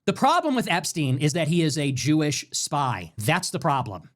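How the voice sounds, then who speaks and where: Running his own livestream despite a fever, this man speaks at a moderate pace in a fairly high pitch. His rant is animated and emphatic, and he swears frequently.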